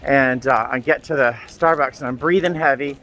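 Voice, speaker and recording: A man vlogging on his way to an airport shift, breathless and stuffy from congestion as he rattles on through quick asides. His voice is bright and forward. There is a faint hum of noise behind him. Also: medium pitch. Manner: chatty, self-narrating, quick asides. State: winded and congested, breathing heavily. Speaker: flight attendant vlogger. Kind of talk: casual vlog talk to camera. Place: home, then outdoors and at the airport.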